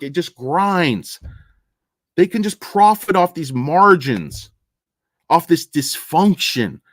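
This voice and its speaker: A man hosting a casual livestream, ranting with plenty of swearing before settling into reading viewer comments. His pitch is very animated and swings between loud outbursts and low mumbles. The sound is dry and close, with no room echo. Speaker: livestream host.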